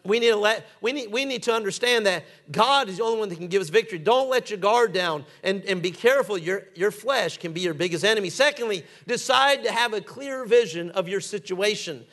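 A man's voice: high-pitched, fairly quick, few pauses, fairly bright tone. A man preaching a sermon as pastor, driving points home with repetition and calls to the congregation, reading scripture in old-fashioned phrasing.

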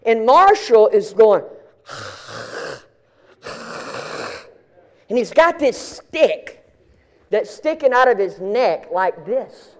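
A middle-aged male pastor telling a story in a sermon, animated and colloquial, often repeating and restarting his words. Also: very high voice, takes it slowly.

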